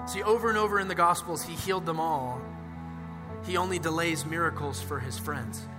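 A man's voice: on the high side, fairly quick. Impassioned male pastor, reverberant church hall. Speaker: pastor preaching a sermon. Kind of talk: sermon. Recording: long hall reverb with music behind.

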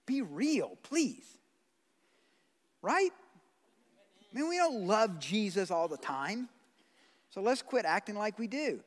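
A man preaching a sermon as pastor, blunt and conversational, swinging from loud pleading to quiet. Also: high-pitched, big pitch swings, takes it slowly, long pauses. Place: church sanctuary. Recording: long hall reverb.

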